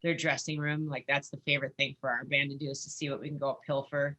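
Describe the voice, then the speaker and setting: A woman, a musician and former wrestling interviewer, telling stories in a chatty, animated way as an interview guest. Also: extremely low pitch, quick pace. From United States. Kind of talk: casual interview storytelling.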